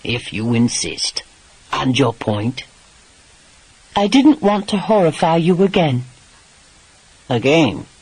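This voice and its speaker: A man voicing a gruff, exasperated English lord and former pirate, with a dry and teasing English manner in an audiobook. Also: on the high side, very animated, slow, long pauses, a little mellow, no echo, exaggerated voice, rough recording. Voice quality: dry, exasperated, swears mildly.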